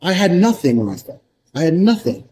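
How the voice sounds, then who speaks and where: A man's voice: high voice, sing-song, a little fast, dark tone, slight background noise, rough recording. A man giving a blunt, profane motivational monologue, hammering points home through repetition. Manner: repeats points for emphasis. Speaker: motivational speaker.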